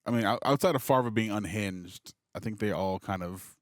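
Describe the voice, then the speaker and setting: A man co-hosting a movie reaction show, chatting casually in a relaxed way. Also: fairly low pitch, normal speed, no echo, studio quality. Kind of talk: casual chat.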